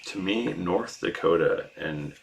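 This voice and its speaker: Low slow gravelly guy from the us northeast, rambling self-deprecating stream chat, swears a lot. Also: a little hiss or hum. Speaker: craft streamer. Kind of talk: casual livestream chat.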